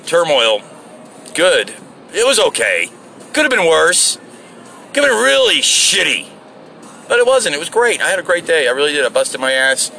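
A man with a bright, gravelly voice rambles to himself from inside his car, swearing freely and cracking jokes. A faint hum of air conditioning and road noise sits behind him. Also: medium pitch. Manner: profane, joking, talks to himself. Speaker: solo show host. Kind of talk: rambling casual monologue while driving.

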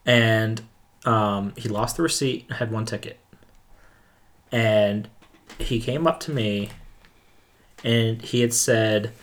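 A man, a former movie theater worker, chatting casually and telling rambling stories, acting out the exchanges he quotes. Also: lowish voice. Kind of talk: casual chat.

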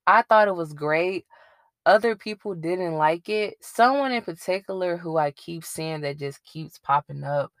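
Low-voiced woman hosting a podcast. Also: expressive, unhurried, no echo. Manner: conversational, rambling, admits getting tongue-tied. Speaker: podcast host. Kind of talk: casual solo podcast commentary.

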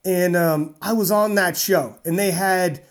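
A woman strongman athlete from North America, telling a story in a casual interview, animated and rambling with fillers. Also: on the low side, unhurried.

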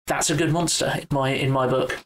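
A man talking films in a relaxed, chatty way. He often restarts his sentences and repeats words while he works out his point, at an ordinary pitch. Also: a little fast, poor audio. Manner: hesitant, many restarts. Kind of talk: casual film discussion.

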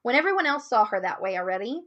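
A woman with a slightly high voice tells a story from her marketing work. She moves easily between her own account and lively acted-out quotes. The talk is casual interview chat. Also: fast talker, highs cut off. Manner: animated storyteller, acts out quotes. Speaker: guest, marketing business owner.

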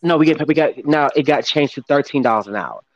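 A man co-hosting a casual gossip podcast, talking haltingly with lots of fillers and restarts. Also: a little high, dry recording, muffled recording. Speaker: podcast co-host.

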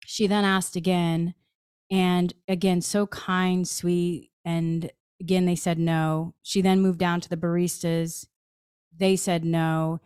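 Lively storytelling woman, smooth voice. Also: lowish voice, dry recording, clean studio sound. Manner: animated, acts out her own dialogue. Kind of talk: personal storytelling.

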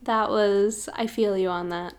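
A woman's voice: mid-range voice, fairly even intonation, a little slow, smooth. A woman co-hosting a casual spiritual chat, reflective and filler-heavy, laughing readily. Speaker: podcast co-host.

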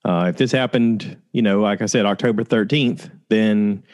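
A man casually telling a personal story to his listeners, candid and conversational, with frequent pauses and fillers. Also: on the low side.

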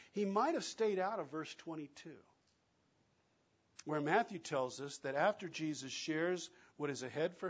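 A man preaching a sermon, acting out quoted lines and swinging between loud and soft. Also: a little high, highs cut off. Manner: dramatic, acts out quoted lines with big swings in loudness. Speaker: pastor.

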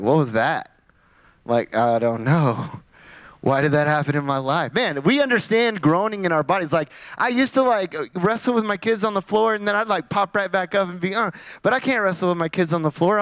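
Pastor, 40s, male, slightly high voice, dry close sound, chatty sermon delivery full of "like" and restarts. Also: fairly bright tone, clear, resonant tone, dry recording. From Louisiana. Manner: casual and conversational, many fillers and restarts.

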